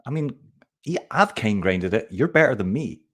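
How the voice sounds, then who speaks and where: A man's voice: lowish voice, big pitch swings, normal speed, breathy edge. A man in his forties hosting a casual live-stream chat, teasing his guest and often repeating words as he starts sentences. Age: 40s. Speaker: host.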